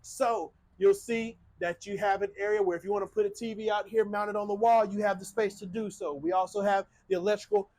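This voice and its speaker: A high-pitched man leads a walkthrough tour of a small cabin-style home. He pitches it eagerly, speaking directly to his audience as the channel's host. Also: fairly even intonation, a little fast, hardly any pauses, low-quality recording. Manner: upbeat sales pitch, addresses viewers as ladies and gentlemen.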